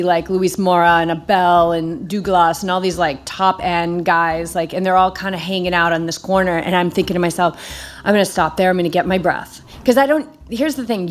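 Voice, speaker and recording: A middle-aged woman hosting a podcast, telling a story in a casual, animated way with many fillers and high-pitched quoted shouts. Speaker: podcast host.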